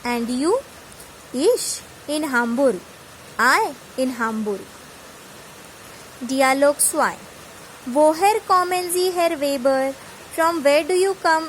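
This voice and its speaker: A woman's voice: sits high, slight background noise, rough recording. A woman with an Indian English accent, teaching German by reading each word aloud and then giving its English meaning. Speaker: German tutor. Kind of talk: reading vocabulary with translations.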